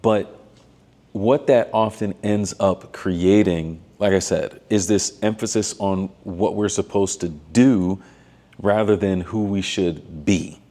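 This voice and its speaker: A man, a doctoral student and missionary, giving a reflective faith talk in a thoughtful, measured way with frequent fillers and restarts. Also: low voice, fairly even intonation, dark tone.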